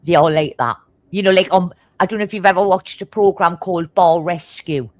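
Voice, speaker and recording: A woman with a broad Geordie accent, blunt and swearing constantly as she tells animated stories in casual chat. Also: on the low side, no echo. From Newcastle, England. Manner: talks fast.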